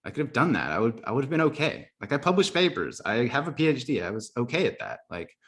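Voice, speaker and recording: This fast-talking man has a mid-range, fairly bright voice with big pitch swings. In a casual interview he tells his life story as a podcast guest, earnest and reflective, peppering it with "like".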